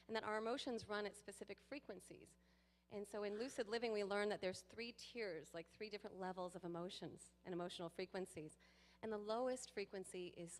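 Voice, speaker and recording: A woman giving a sermon to a congregation, lively and playful, with laughing asides to the people in the pews. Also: medium pitch. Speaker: guest speaker. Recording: long hall reverb.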